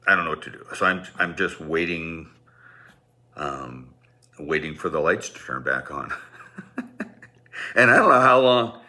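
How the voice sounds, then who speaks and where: Middle-aged male storyteller, very low and bright voice, rambling and self-mocking. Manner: rambling, self-deprecating, many restarts. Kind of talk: personal storytelling.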